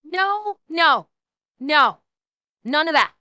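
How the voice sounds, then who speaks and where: A woman's voice: high voice, sing-song, drawn-out words, bright, forceful tone, dry recording, lo-fi sound. A woman streamer giving blunt, heated, profane commentary while reacting to clips.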